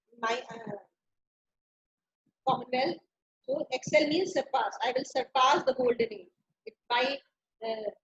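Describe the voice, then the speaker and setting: A woman, teaching a play by paraphrasing each line in simple words. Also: high-pitched. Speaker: literature teacher. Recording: dull lo-fi recording.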